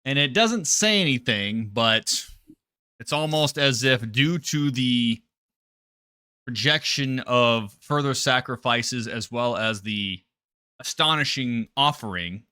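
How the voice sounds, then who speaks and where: Bright, crisp-voiced man narrating a game. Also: expressive, slow pace, no room sound, studio quality. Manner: dramatic, drops low and quiet for the creature's thoughts. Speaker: game master.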